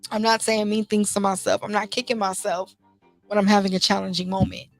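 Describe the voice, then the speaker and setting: With faint music in the background, a young woman hosts a casual motivational talk show, speaking heartfelt and conversationally with lots of "you know" and restarts. Her voice is medium-pitched, level, gravelly, and fairly quick.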